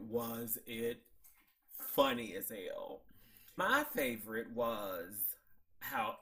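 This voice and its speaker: A man hosting a casual TV recap, excitable and chatty, laughing at his own jokes. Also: mid-range voice. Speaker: show host.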